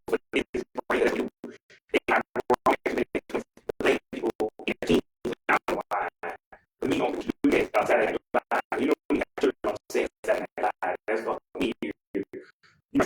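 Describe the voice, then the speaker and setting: A man ranting bluntly and profanely in casual chat. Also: medium pitch. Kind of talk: casual rant. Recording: echoey room with faint noise.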